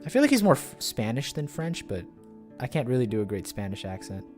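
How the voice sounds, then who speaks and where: A man's voice: medium pitch, very animated, brisk, darkish tone, soft background music. Casual male game streamer. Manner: casual, wry asides while playing. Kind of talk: casual gameplay commentary.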